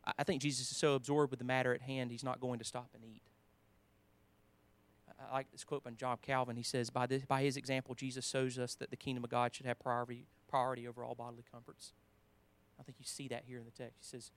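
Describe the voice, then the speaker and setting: In a medium-pitched voice with a level tone, a man delivers a conversational sermon at a quick pace. He restarts lines, cites scripture and moves back and forth between emphatic declarations and quiet asides.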